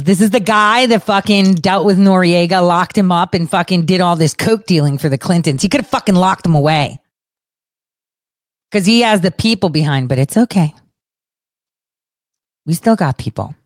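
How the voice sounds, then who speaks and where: A young woman giving a profane, sarcastic political rant in an animated, fast-shifting voice. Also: fairly low pitch, dry recording, clean studio sound. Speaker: political commentator. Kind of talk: ranting commentary.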